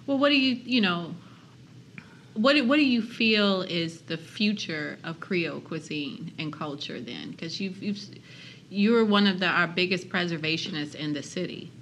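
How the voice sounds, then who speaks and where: A woman's voice: fairly low pitch, moderate pace, fairly bright tone, slight background noise. A woman hosting a casual interview chat who asks questions and affirms her guest with frequent mm-hmms. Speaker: interviewer host.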